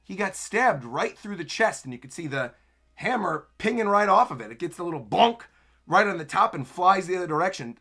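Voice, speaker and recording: A young man streams a live manga reaction, describing each panel as he reads it and erupting into runs of excited exclamations. His voice is bright and slightly husky, and it swings widely in pitch. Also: a little fast. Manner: excitable, breaks into stacked exclamations; narrates panels while reading aloud. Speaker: anime streamer.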